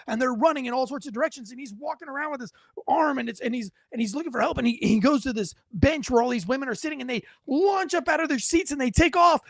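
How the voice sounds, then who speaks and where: A man in his forties telling a story in casual talk, acting out the people in it with shouts and frequent restarts. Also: very high-pitched, quick pace, dry recording, studio quality. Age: 40s. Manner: animated storyteller who acts out shouted quotes, with frequent restarts.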